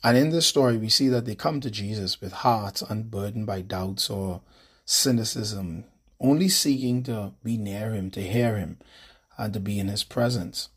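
A male priest, leading a morning devotion with prayer, scripture and a measured sermon. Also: fairly low pitch, fairly bright tone, breathy edge. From Bahamas.

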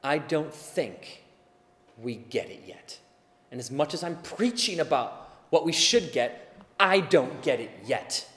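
A male pastor delivering a sermon with earnest intensity, moving between quiet, drawn-out reflection and loud exhortation. His voice sits a little high for a man. The recording rings with the long reverb of a big room. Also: animated. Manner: earnest preaching that swings from hushed to shouted.

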